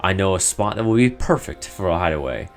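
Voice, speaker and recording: A man voicing a friendly, smooth-talking young merchant, reading game dialogue aloud in a chatty, ingratiating way. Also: low-pitched, big pitch swings, a little fast, faint music behind.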